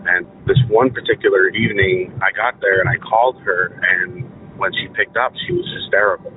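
A young man tells his story earnestly over a tinny phone line, stopping and restarting often. His voice sits fairly low. A faint hiss runs under the call. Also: steady tone. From Maine. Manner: earnest, halting, with many fillers and restarts. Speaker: caller.

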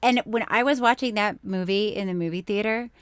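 Woman, podcast co-host, casual chat, animated storytelling, loud laughter, medium pitch, dry close sound. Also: a little fast, smooth, no room sound.

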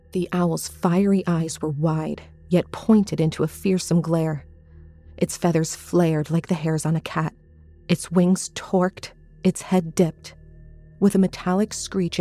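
Low, mellow woman reading a horror story. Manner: measured, suspenseful reading. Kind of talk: first-person horror story narration.

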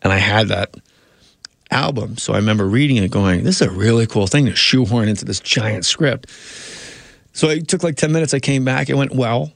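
A man's voice: mid-range voice, fairly quick, gravelly, no room sound, studio quality. A man, a comedian and actor, telling rambling anecdotes in a casual interview, often cutting himself off.

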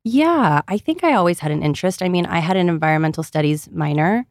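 Here she's fast and lowish, with lively intonation, guesting on a podcast in a bubbly, casual way and leaning on "like" a lot. The thirtysomething from Ohio is recorded at studio quality without any room sound.

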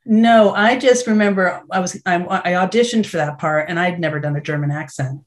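A middle-aged actress chatting as an interview guest, telling lively stories and acting out what people said. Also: female voice, on the low side, brisk. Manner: animated storytelling, acts out quotes. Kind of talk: casual interview chat.

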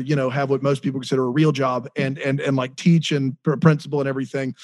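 A man co-hosts a podcast in casual chat, teasing himself as he goes. His voice sits a little high. The sound is dry and close, with no room around it. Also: no echo. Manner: joking, self-deprecating. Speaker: podcast co-host.

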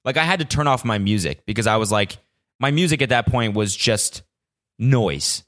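A young man from California hosting a casual solo podcast, animated and profane, mimicking the voices of others as he tells a story. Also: lowish voice, normal speed. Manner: animated, swears a lot, mimics cheering voices. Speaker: podcast host.

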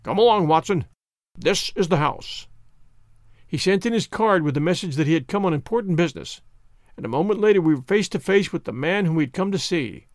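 A man narrating a classic story as an audiobook, in an expressive reading manner. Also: sits high, quick pace, no room sound, clean studio sound.

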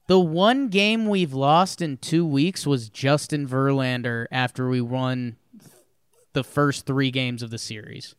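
A man's voice: medium pitch, slow, smooth, no echo, studio quality. A man co-hosting a podcast in casual sports chat, emphatic and talking in long run-on sentences. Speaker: podcast co-host.

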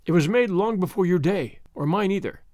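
A man voicing a cautious castle jailer who speaks quietly and carefully, reading a storybook tale. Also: high-pitched, lively intonation, dry recording, clean studio sound. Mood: guarded. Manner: quiet and measured.

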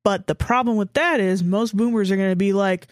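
A woman's voice: mid-range voice, fairly quick, dry recording, clean studio sound. A young woman co-hosting a casual podcast, chatting frankly and swearing freely. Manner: frank, swearing, laughs easily. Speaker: podcast co-host. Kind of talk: casual chat.

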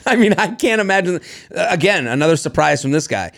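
A man's voice: on the high side, sing-song, fairly quick, gravelly, fairly bright tone. A man co-hosting a podcast, reading a listener's story aloud in casual chat, playful and laughing often. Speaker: podcast co-host.

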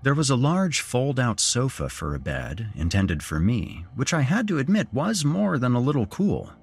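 A man's voice: mid-range voice, very animated, moderate pace, breathy edge. A man narrating a first-person horror story as a podcast host, telling it expressively.

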